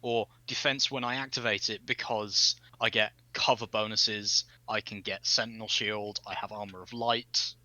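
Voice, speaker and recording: A man's voice: lowish voice, little pitch movement, normal speed, hardly any pauses, pushed and bright, dry recording, rough recording. A man who is a tabletop game player, chatting casually and rambling with lots of fillers. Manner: rambling, with many fillers and restarts.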